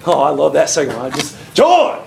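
A man preaching a sermon in a folksy, animated way, acting out little voices as he goes, with a congregation calling out amens. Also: on the high side, moderate pace, vocal fry, slight background noise. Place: church. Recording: echoey church hall with congregation.

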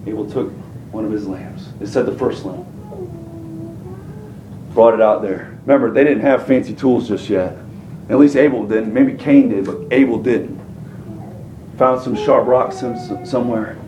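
A man's voice: on the low side, normal speed, long pauses, echoey room, distant mic, background noise. A man preaching a sermon in a folksy, colloquial manner, throwing rhetorical questions at his congregation. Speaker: pastor.

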